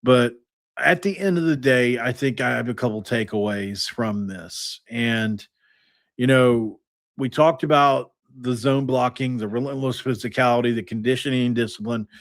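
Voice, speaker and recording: A man hosting a casual sports podcast, energetic and rambling as he reels off stats. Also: mid-range voice, moderate pace, dry recording. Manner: energetic, stat-heavy, rambling. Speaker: podcast host.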